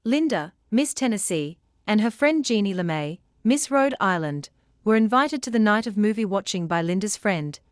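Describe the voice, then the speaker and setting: A woman reading a scripted narration in a measured, factual way. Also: mid-range voice, animated, dry recording, clean studio sound.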